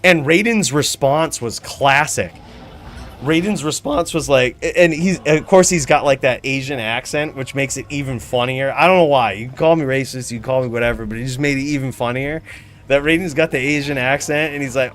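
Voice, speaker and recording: A male streamer hosting a live show, talking in an excitable, rambling, profane way about the game he plays. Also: medium pitch, a little fast. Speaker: streamer host. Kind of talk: casual live-stream chat.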